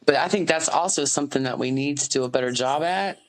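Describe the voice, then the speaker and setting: Talking fast in a rumbling low voice, this activist and podcast guest is a woman in her forties from the United States. She's interviewed indoors in an office, speaking earnestly and candidly with lots of fillers and restarts, and the audio is poor.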